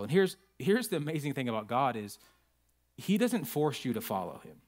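A man preaching a sermon as pastor, telling stories with lively acted quotes to his congregation. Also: medium pitch, moderate pace. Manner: animated storytelling with acted quotes. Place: church.

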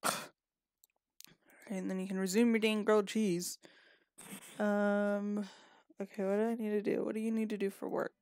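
A woman's voice: medium pitch, little pitch movement, moderate pace, pauses often, a little mellow, no echo, studio quality. A woman giving casual gameplay commentary, chatty and scolding her characters, a little sniffly and yawning. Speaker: gaming video creator.

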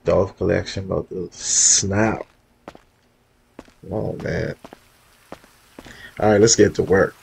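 Slow, gravelly man in a gaming vlog. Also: deep voice, steady tone, darkish tone, a little hiss or hum, poor audio. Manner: laid-back, slangy, talks straight to viewers. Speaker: roleplay gamer showing off his cars. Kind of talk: casual gaming vlog commentary.

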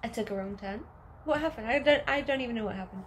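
A woman's voice: on the high side, quick pace, a little hiss or hum. A young woman chatting casually in a travel vlog, playful and giggly, filmed on a handheld camera in a car and outdoors. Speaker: vlogger. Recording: loud background music.

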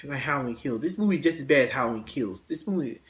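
A man hosting his own channel, ranting casually about films in a halting way, with lots of restarts, repeated words and blunt swearing. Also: medium pitch, lively intonation. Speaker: host. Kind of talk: casual movie rant.

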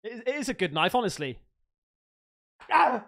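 An excitable man chatting casually while he opens fan mail on stream. His pitch leaps up and down, he swears freely and he laughs a lot. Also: normal speed, vocal fry. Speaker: streamer host.

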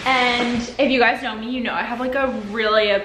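Young woman, vlogger, casual chat, lots of "like", slightly high voice, echoey apartment room. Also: fairly even intonation, brisk, background noise. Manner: chatty, lots of "like" fillers. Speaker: lifestyle vlogger. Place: home, apartment.

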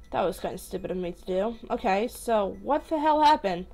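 A woman's voice: mid-range voice, lively intonation, brisk, hardly any pauses, darkish tone, soft background music. A young woman playing a video game, talking casually, swearing freely and reading game text aloud. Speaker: let's play gamer. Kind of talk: casual gameplay commentary.

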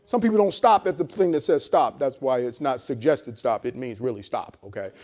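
A pastor delivers a sermon in a hotel-venue church service with a medium-pitched, darkish voice at a fairly quick pace. His preaching is casual and call-and-response, full of repeats, amens with the crowd and blunt jokes on the side.

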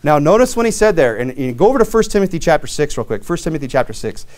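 A man's voice: very animated, quick pace, a little mellow. A man, a pastor, preaching a sermon in a plainspoken, earnest way with many conversational fillers. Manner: reads King James scripture aloud, rising in pitch on key verses.

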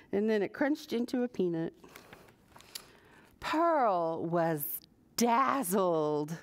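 Slow, lively woman reading to preschoolers. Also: mid-range voice. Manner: animated, asks the children questions. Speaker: children's librarian. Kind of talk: preschool story time reading.

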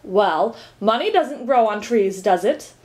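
A woman's voice: medium pitch, animated, unhurried, a little mellow, close to an everyday voice. A woman voicing a demanding, lecturing male count in a storybook reading.

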